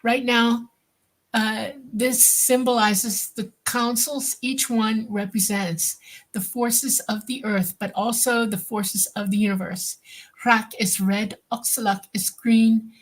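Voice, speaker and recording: A woman under hypnosis, slowly describing visions in a halting way. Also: medium pitch, steady tone. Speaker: hypnosis client.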